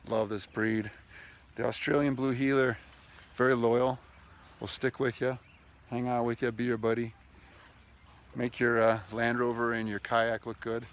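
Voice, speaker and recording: A man with a gravelly, mid-range voice talks at a moderate pace and steady tone while vlogging outdoors by a lakeshore with lapping waves. Chatty and enthusiastic, he tells stories as he shares sales tips and talks to his dog mid-video in a casual monologue.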